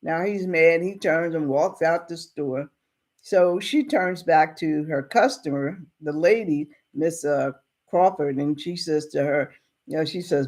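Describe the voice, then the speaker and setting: A woman retelling a story in relaxed, homespun phrasing. Her voice sits on the low side and she moves slowly through it. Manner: colloquial, unhurried.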